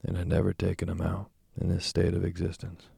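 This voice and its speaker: Very deep gravelly male narrator. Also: completely flat delivery, warm tone, no room sound, studio quality. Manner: slow, deliberate storytelling. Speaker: audiobook narrator. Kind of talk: scripted narration of a classic novel.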